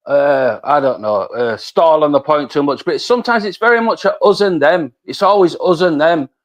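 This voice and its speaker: Northern english guy on a video call, kinda high voice, hesitant, keeps restarting his sentences. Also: moderate pace. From England. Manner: hesitant, self-deprecating, many restarts. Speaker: guest caller. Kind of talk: casual chat.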